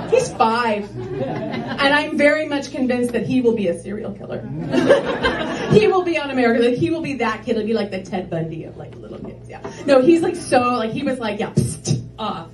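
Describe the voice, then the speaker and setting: A woman's voice: high-pitched, big pitch swings, unhurried, background noise. A woman doing a stand-up comedy set on a club stage, chatty and rambling with lots of filler words. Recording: roomy club from a distance, loud crowd.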